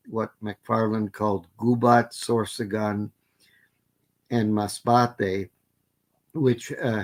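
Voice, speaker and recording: A man's voice: lowish voice, creaky, darkish tone. An older man giving an academic plenary lecture, methodically listing word forms with frequent fillers and restarts. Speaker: linguistics lecturer.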